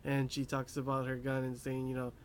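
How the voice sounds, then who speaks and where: A man's voice: mid-range voice, monotone, brisk, a little hiss or hum. A young man casually recapping an anime episode, rambling with lots of fillers and laughing at his own asides. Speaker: anime reviewer.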